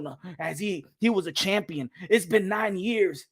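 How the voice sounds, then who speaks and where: Speaking at a moderate pace in a high voice, a boxing commentator discusses fights in a casual, animated way. He repeats himself often and likes to tease and hype up his viewers.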